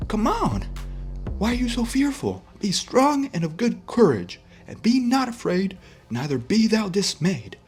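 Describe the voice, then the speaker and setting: A man voicing a calm, devout young man who reassures his friend with scripture in a storybook reading. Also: sits high, unhurried, faint music behind, voice pushed up, heavily acted. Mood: reassuring. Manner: preachy, quoting scripture.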